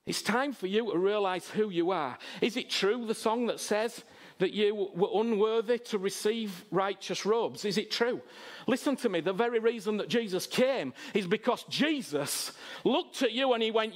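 A man preaching a sermon, swinging between loud, impassioned exhortation and quiet, intimate asides. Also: high-pitched, moderate pace, hardly any pauses.

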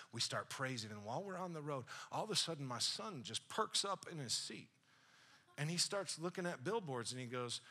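Male pastor, bright ringing voice, storytelling sermon, hushed to loud. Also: mid-range voice. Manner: builds from hushed storytelling to loud, excited preaching.

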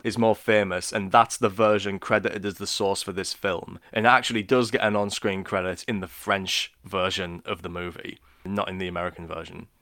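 A man with a low, resonant voice walks through film history for a podcast. He keeps it casual and informative, dropping jokes along the way. The sound is dry and close to the mic. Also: fairly bright tone, clean tone, no echo. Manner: informative, jokey, laughs often. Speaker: podcast co-host.

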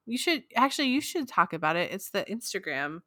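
A woman co-hosting a podcast in casual chat, enthusiastic and quick to laugh. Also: mid-range voice, big pitch swings, sharp tone, no echo, studio quality. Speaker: podcast co-host.

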